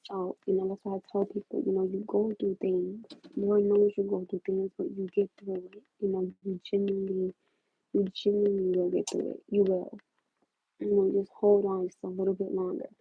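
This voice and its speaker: A young woman with a very husky, breathy voice tells her life story on a livestream, chatty and animated. The sound is thin and phone-like. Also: medium pitch, moderate pace, dry recording. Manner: animated, laughs loudly, chatty and heartfelt. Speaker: livestream host.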